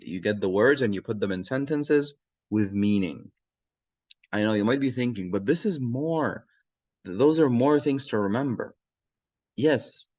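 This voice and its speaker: A man's voice: lowish voice, no echo. A man teaching a language lesson, repeating short phrases and often checking in with the learner. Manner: repeats phrases slowly, checks in with "okay?" and "yes?". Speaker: Arabic teacher.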